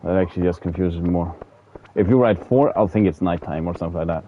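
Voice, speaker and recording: A man with a low-pitched voice chats loosely to his stream audience, stumbling over words and circling back mid-sentence. The sound is dull and lo-fi, like a modest home streaming setup. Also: quick pace, slight background noise. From from a country that uses military time. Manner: rambling, stammers and repeats words, laughs often. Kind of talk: casual livestream chat to viewers while gaming.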